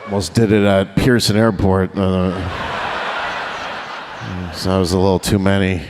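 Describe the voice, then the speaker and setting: A man's voice: sits low, flat delivery, a little slow, background noise. A man doing a stand-up set, crude and rambling, full of filler words and laughing at his own jokes. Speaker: stand-up comedian.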